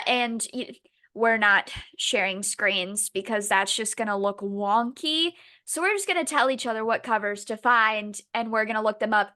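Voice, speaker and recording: A young woman co-hosting a book podcast, chatting casually and animatedly, swearing and acting out quotes. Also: on the high side. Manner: animated, swearing, dramatic quoting. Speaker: podcast co-host. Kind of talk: casual chat.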